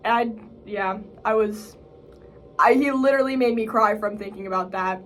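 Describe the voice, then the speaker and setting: A woman's voice: lively intonation, normal speed, pushed and bright, slight background noise. A young woman in college, chatting casually in a vlog, filling her speech with "like" and acting out what others said. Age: young adult. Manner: chatty, fillers like "like" and "bro", acts out quotes in a higher voice. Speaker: college vlogger.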